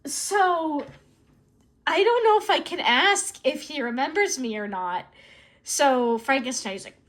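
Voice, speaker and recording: High-pitched woman, giggly solo role-play narrator, rambling and self-aware. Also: animated, slow pace. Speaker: solo tabletop role-player.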